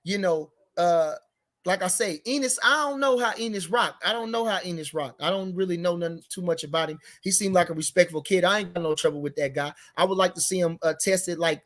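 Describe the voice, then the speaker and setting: Rambling heated man talking boxing. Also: high-pitched. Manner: rambling, repeats himself, gets heated and emphatic. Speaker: boxing commentary show host. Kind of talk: casual unscripted boxing talk.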